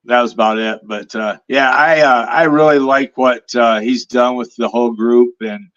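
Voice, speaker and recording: A man from the Detroit area chatting as a guest on a podcast, telling lively stories and acting out what other people said. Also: mid-range voice, normal speed, lo-fi sound. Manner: storytelling, animated quoting of others. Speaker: guest superfan. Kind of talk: casual podcast chat.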